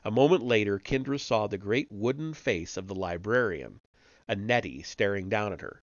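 A man reading a novel aloud on a live stream, steady with small slips and self-corrections. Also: fairly low pitch, normal speed, dry recording, lo-fi sound. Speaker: audiobook reader on a live stream.

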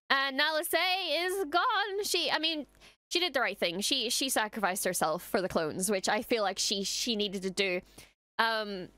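A woman's voice: high voice, sharp tone, clear, resonant tone, no room sound. A woman hosting a reaction video, talking casually and emotionally, swearing freely and trailing off as she gushes. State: emotional after watching. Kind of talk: casual post-episode reaction chat.

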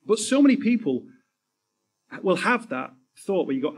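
A man's voice: high voice, sing-song, moderate pace, husky. A man hosting a live on-stage interview, earnest and repeating words as he builds his thoughts. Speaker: podcast host, interviewer.

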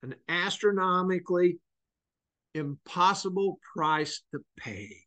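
A man with a notably high voice teaches a church Bible study class. He speaks earnestly, drawing words out and repeating them to drive a point home. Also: slow, bright, forceful tone.

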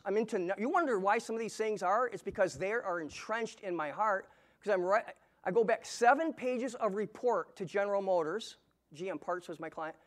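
A middle-aged man giving a personal testimony in a church sermon, telling his story earnestly, often stumbling and restarting his words. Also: sits high. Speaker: guest preacher giving testimony. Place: church sanctuary.

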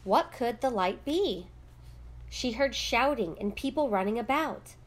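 A woman reading a children's picture book aloud with gentle, measured storytelling. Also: fairly high pitch, lively intonation. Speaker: read-aloud narrator.

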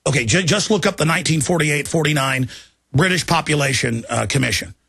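A heated man holds forth on his talk show, his voice gravelly and sharp-edged. His pitch sits somewhat high for a man. He rants in an agitated way and keeps building. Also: a little fast, dry recording, studio quality. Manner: agitated, ranting, mimics people in shouted voices. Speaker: radio talk show host. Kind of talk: heated political rant.

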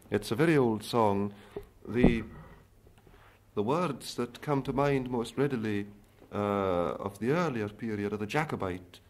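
A Scottish man in his thirties, a folk singer giving thoughtful spoken commentary between songs, pausing often with filler sounds. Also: medium pitch, a little mellow. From Scotland. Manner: thoughtful, hesitant, with frequent pauses and filler sounds. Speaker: folk singer and song collector.

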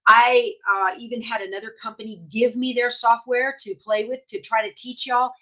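A woman's voice: fairly high pitch, little pitch movement, normal speed, sharp tone. A woman hosting a live embroidery lesson, chatting casually and reassuring viewers by name as she reads their comments. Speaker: host of a live embroidery tutorial stream. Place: home sewing room with a dog nearby.

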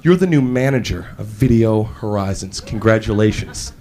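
A man's voice: on the low side, lively intonation, moderate pace, mellow, slight background noise, voice pushed down, lightly acted. A man voicing a super serious male store manager who lectures an employee, in a live stand-up set. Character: stern middle-aged male video store manager.

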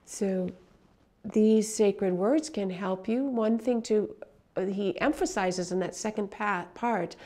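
A middle-aged woman directing a prayer ministry, gently and earnestly explaining and leading a spiritual affirmation. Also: mid-range voice.

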